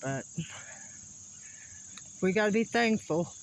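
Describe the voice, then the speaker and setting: Climbing a wooded slope, this male vlogger of old sites narrates casually on camera, panting, folksy, and laughing as he catches his breath. He speaks slowly in a high, gravelly voice with lively intonation. Crickets and insects fill the background, and the rough recording carries a little hiss or hum.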